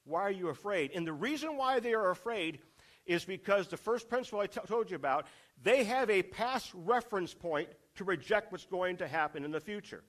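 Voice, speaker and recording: Male preacher, higher voice, sermon delivery, rhetorical questions, repeats lines for emphasis. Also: animated, moderate pace, fairly bright tone.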